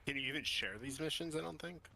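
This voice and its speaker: A man's voice: on the high side, fast, vocal fry, bright, forceful tone. A man chatting casually with a friend while gaming, laid-back and dry. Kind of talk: casual gameplay chat.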